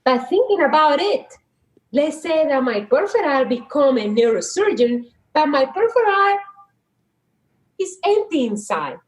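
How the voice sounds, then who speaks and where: A middle-aged Dominican woman, a social worker whose first language is Spanish, tells stories as a podcast guest in a high voice with a Dominican Spanish accent. She's animated, laughs easily, and often pauses to search for words during this casual conversational storytelling, captured on poor audio.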